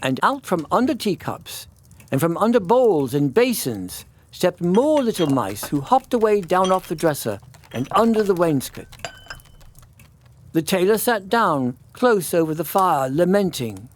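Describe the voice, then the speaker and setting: A man, a priest, reading a classic children's story aloud in an expressive, melodic way. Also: high-pitched, a little slow. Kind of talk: storybook narration.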